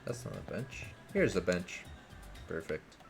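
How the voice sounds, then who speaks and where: Deep-voiced man joking through a game. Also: big pitch swings, a little slow, creaky. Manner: joking, profane asides. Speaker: streamer. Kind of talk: live gameplay commentary. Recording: game music loud underneath. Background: game music.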